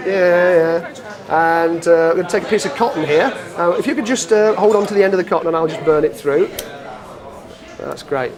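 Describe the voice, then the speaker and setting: Joking street magician, slightly high voice. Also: male voice, crowd noise. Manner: joking, chatty, quick asides to onlookers. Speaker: street magician and show host. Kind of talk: comic magic patter with spectators. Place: city streets, outdoors.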